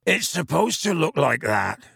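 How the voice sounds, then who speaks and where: A man voicing a gruff, battered giant gamekeeper in an audiobook, with slow, rough, rustic speech. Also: fairly high pitch, big pitch swings, sharp tone, no room sound, studio quality, exaggerated voice. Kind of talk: audiobook reading.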